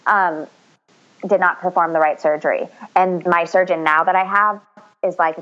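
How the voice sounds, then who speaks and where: A woman's voice: fairly low pitch, steady tone, normal speed, fairly bright tone, lo-fi sound, soft background music. A young woman in casual chat, speaking candidly, swearing freely and acting out what others said.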